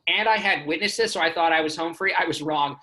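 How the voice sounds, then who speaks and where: A man's voice: fairly high pitch, brisk, pushed and bright, poor audio. A man from Houston, Texas doing a stand-up comedy set with self-deprecating storytelling. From Houston, Texas, United States. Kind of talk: stand-up comedy on a remote stream.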